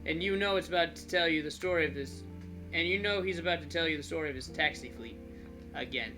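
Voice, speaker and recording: Guy narrating a story game, high-ish voice, goofy side comments, music going. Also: fast talker, bright, forceful tone. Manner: jokey, offhand asides. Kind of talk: reading game text aloud and joking.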